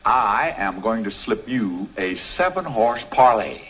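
A man voicing a shrewd, dry-witted talking mule with a slow drawl, in a 1950s film comedy. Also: lowish voice, expressive, a bit bright. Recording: dull 1950s film soundtrack.

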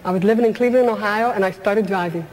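A woman's voice: mid-range voice, fast talker, darkish tone. A middle-aged woman giving a motivational talk, telling her life story earnestly with humorous asides. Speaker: motivational speaker.

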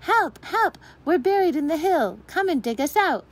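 A woman voicing an excited young schoolgirl who calls out in a breathless, urgent rush. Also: high voice, moderate pace, vocal fry, voice pushed up, exaggerated voice. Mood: frantic.

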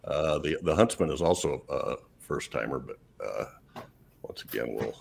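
A man's voice: rumbling low, lively intonation, moderate pace, creaky, a little hiss or hum. A man co-hosting a casual podcast discussion, rambling and trailing off with chuckles as he leads the segment. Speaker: podcast co-host leading the segment.

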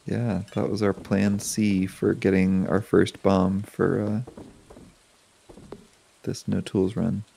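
A man's voice: low voice, little pitch movement, slow pace, vocal fry, long pauses, warm tone, a little hiss or hum. A man co-hosting a gaming show, laid-back, with dry humor, chatting as he plays. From Oregon, USA. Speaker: co-host and gamer. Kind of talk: casual chat while playing.

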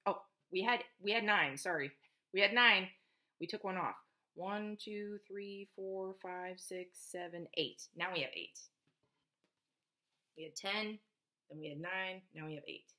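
A woman's voice: mid-range voice, measured pace, pushed and bright. A woman, a preschool teacher, reading a picture book aloud to children, counting along and asking them questions. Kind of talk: read-aloud storytelling for children.

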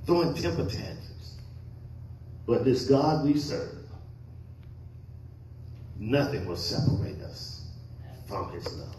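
A man's voice: medium pitch, sing-song, a little slow, pauses often, darkish tone, a little hiss or hum. A male pastor preaching a sermon, questioning his congregation and waiting for answers. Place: church sanctuary. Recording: echoey church hall.

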